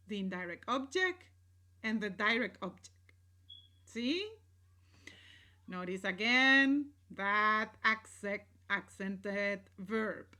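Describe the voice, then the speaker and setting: A woman's voice: medium pitch, bright, forceful tone. A woman teaching a recorded grammar lesson, explaining step by step and often checking in with "right?" and "¿sí?", moving between English and Spanish examples.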